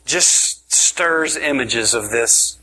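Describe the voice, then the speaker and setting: A man's voice: medium pitch, very slow, sharp tone, slightly rough. A man preaching a sermon, telling the story with jokes and dropping into whispers for emphasis. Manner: playful, joking storytelling, with sudden whispers.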